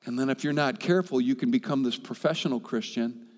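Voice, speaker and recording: A man preaching a sermon with passion, swinging from loud, high appeals to soft, quiet asides and repeating himself as he presses a point. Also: fast, in a large hall. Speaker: pastor.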